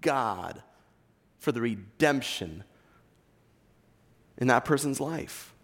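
Slow and creaky yet expressive, this mid-range male voice belongs to a pastor giving a sermon. He speaks with an East Coast American accent, reading scripture and pressing his points earnestly, and the recording has long hall reverb.

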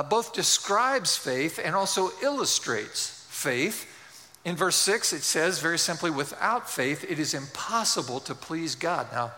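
A pastor preaching a sermon in an earnest, measured way, letting phrase endings drop softly, in a church sanctuary. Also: male voice, sits high. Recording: long reverb in a hall.

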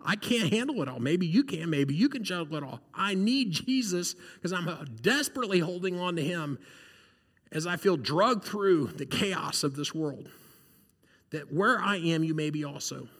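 Earnest conversational male pastor, high voice, long reverb. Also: animated, moderate pace, fairly bright tone, slightly rough. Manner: earnest and conversational, often asks "right?". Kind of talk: sermon.

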